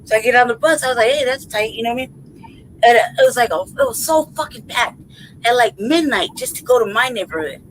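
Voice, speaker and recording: A woman's voice: fairly high pitch, animated, quick pace, slight background noise, rough recording. A woman hosting a podcast, telling a rambling, profane story in casual chat. She keeps checking in with "right?" and "you know what I mean?" and laughs as she goes. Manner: laughs through her story. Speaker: podcast host.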